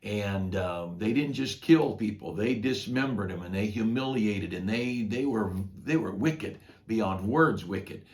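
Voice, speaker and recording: A man's voice: on the low side, lively intonation, measured pace, few pauses. An older man, a pastor, retelling a Bible story in a folksy, conversational devotional talk.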